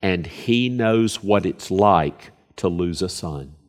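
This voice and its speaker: A man's voice: low-pitched, lively intonation, takes it slowly. A man preaching a sermon, earnest and emphatic, often repeating phrases for stress.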